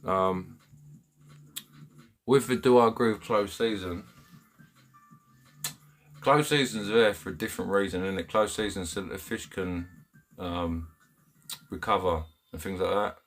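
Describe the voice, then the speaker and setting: A man with an English accent and a slightly low voice speaks directly to his live stream audience from his home. Chatty, blunt, and full of slang, he laughs a lot while reading their comments.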